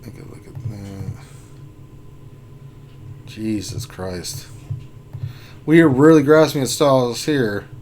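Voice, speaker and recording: A man's voice: mid-range voice, lively intonation, slow, long pauses, a little mellow. A man hosting a casual gaming live stream, joking, laughing often and thinking aloud. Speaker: gaming channel host. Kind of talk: casual live-stream chat reviewing game rosters.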